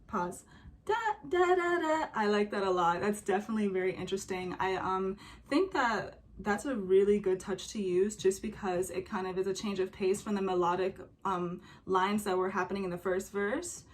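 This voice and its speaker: Her medium-pitched voice stays steady at normal speed with few pauses, over slight background noise. A young adult music commentator, she discusses a song casually, with many fillers and some humming or singing of examples.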